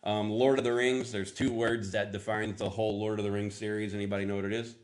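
A man's voice: on the low side, little pitch movement, fast talker. A middle-aged man preaching a casual sermon, rambling and chatty as he coaxes answers from the congregation. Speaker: pastor.

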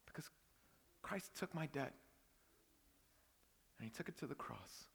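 A pastor preaching a sermon, telling a personal story that swings from hushed whispers to loud outbursts. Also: male voice, fairly high pitch, animated, a little slow, gravelly, husky, long reverb tail.

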